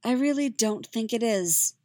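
A woman's voice: on the high side, expressive, a little slow, warm tone, dry recording, clean studio sound, pitched above the performer's own voice. A woman voicing a haughty, cold-tongued sorceress who drawls her cutting words, in a fan fiction reading.

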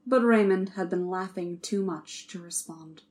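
A woman reading a story aloud as narrator, in an even, measured way. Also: fairly low pitch, a little hiss or hum. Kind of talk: audiobook narration.

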